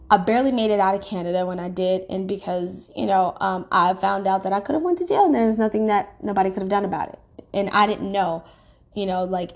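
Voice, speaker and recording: Rambling, indignant woman telling a story. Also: medium pitch. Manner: rambling, full of fillers and restarts; indignant, emphatic complaining. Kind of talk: casual personal storytime.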